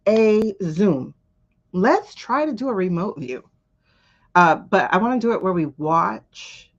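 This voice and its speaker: Casually chatting on her tarot livestream, a middle-aged tarot reader and host rambles along and replies to comments from viewers. She has a gravelly, somewhat low voice, and the audio lacks high frequencies.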